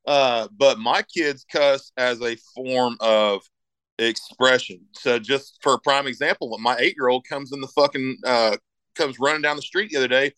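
A man's voice: mid-range voice, steady tone, moderate pace, a bit bright, clean tone, no room sound, rough recording. A middle-aged man in casual podcast chat, rambling and emphatic, swearing constantly as he talks about raising his kids.

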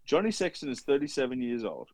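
A man's voice: medium pitch, very animated, quick pace, a little mellow. An Australian man co-hosting a podcast, bantering bluntly with swearing and trailing ums. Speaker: podcast co-host. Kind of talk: casual chat.

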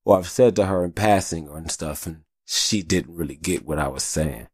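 Speaking at a moderate pace in a low register, this man hosts his own podcast and spins stories in a relaxed, foul-mouthed, talkative style, often throwing in "you know what I'm saying". The audio has studio quality and no room sound.

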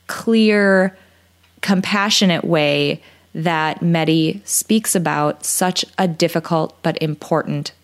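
A woman in her thirties hosting a podcast, speaking earnestly and with feeling, closing an interview and giving a motivational recap. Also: deep voice. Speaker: podcast host.

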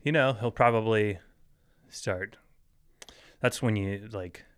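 Low-voiced man rambling on a podcast. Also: slow, fairly bright tone, smooth, dry recording, clean studio sound. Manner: rambling, chuckles often, swears casually. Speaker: podcast host. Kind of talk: casual solo podcast chat.

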